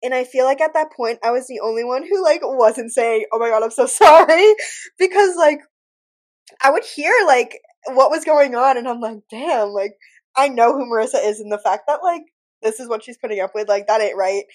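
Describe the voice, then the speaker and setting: A woman's voice: a little high, a little fast. A woman in her twenties co-hosting a podcast, frank and blunt, with lots of filler words. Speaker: podcast co-host. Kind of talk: casual chat.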